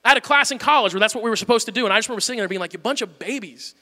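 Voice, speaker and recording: A man preaching a sermon in a church, candid and self-deprecating, moving between hushed talk and shouting. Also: very high voice, racing, long reverb tail. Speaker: pastor.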